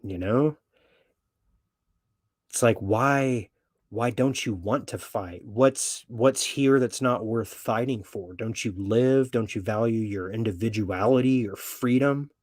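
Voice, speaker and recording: A man with a mid-range voice talks slowly in studio-quality audio free of room sound. Hosting a podcast, he holds forth in a foul-mouthed, opinionated monologue, swaggering and blunt, with heavy swearing.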